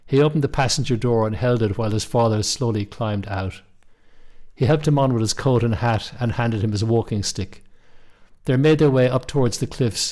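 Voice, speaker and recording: A middle-aged man, reading a short story aloud in a calm, measured way. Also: medium pitch. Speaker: narrator.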